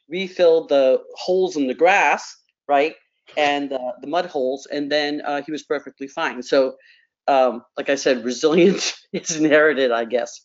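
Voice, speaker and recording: Middle-aged woman, lively storyteller who repeats herself, lo-fi radio sound. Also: low-pitched. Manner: animated storyteller, repeats words, acts out quotes. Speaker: panel guest. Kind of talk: storytelling on a radio talk panel.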